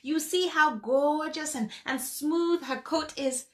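A woman's voice: high voice, slow pace, pitched above the performer's own voice. Anansi, a woman voicing a sly spider trickster. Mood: wheedling. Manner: wheedling, theatrical, exclamatory.

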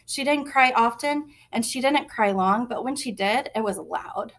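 Woman reader, lively storybook narration, slightly high voice. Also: measured pace.

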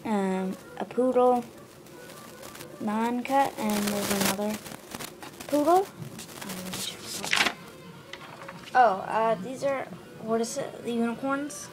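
A woman showing her drawings in a casual show-and-tell, hesitant, with lots of ums and quick self-corrections. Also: a little high.

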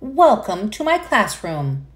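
A woman voicing a chirpy little yellow bird who is an eager teacher, speaking in a sing-song, exclamatory way. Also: mid-range voice, very animated, slow, soft background music. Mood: cheerful.

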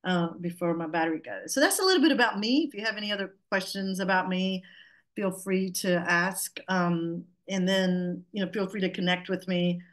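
A woman's voice: lowish voice, moderate pace. Playful Southern woman on a video call. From Georgia, US South. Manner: chatty, playful, self-joking. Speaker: guest speaker. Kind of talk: webinar presentation.

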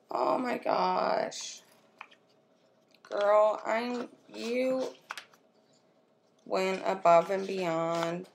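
A woman vlogging at home as she unboxes a makeup swap, gushing and excitable as she talks to her viewers and her friend. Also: mid-range voice, vocal fry, a little hiss or hum. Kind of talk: casual unboxing chat. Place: at home, with her children nearby.

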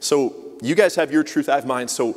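An impatient Roman governor, as a preacher puts him on, worn out and dismissive, dragging out his words in a man's mid-pitched voice. The sound carries a long reverb, like a big church sanctuary. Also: moderate pace, close to an everyday voice. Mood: exasperated. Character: exasperated Roman governor, middle-aged man, impatient.

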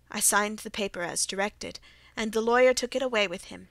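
A woman's voice: mid-range voice, brisk, no echo. Woman reading a classic story aloud. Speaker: audiobook reader. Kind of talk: scripted narration.

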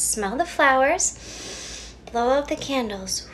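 High sing-song woman talking to toddlers. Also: sing-song, noisy background. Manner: slow, exaggerated, sing-song baby talk. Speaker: children's educator. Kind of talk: modeling speech for toddlers.

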